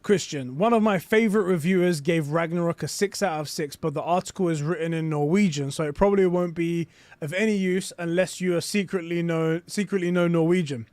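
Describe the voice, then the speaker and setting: A man hosting a casual live stream, reading aloud and reacting with excitement and frequent swearing. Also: high voice, no room sound.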